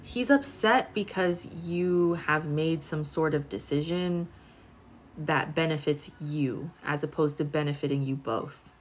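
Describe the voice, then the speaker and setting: Speaking a little slowly in a deep voice, a young woman in her twenties reads tarot casually on a live stream. She chats away to viewers, filling her talk with filler words.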